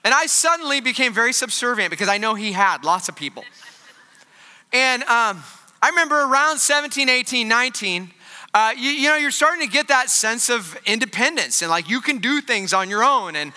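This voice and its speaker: A man's voice: very high voice, lively intonation, fairly quick, sharp tone, in a large hall. A man preaching a sermon in a casual, joking, conversational way, full of fillers. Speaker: pastor.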